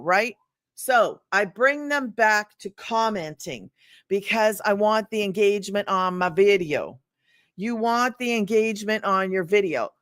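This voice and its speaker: A bubbly woman chatting on a livestream, laughing easily as she talks to her viewers. Her voice sits at an ordinary middle pitch. The sound is dry and close, as from a phone. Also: fairly bright tone, dry recording. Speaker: livestream host. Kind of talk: casual livestream chat.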